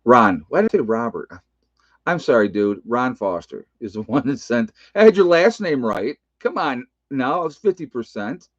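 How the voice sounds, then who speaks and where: A man's voice: medium pitch, very animated, normal speed, no room sound. Older man, retired nurse, hosting a casual stream; rambling, self-mocking, dry and dull audio. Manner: rambling, chuckling, self-teasing. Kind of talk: casual live stream chat. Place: indoor room with bookshelves.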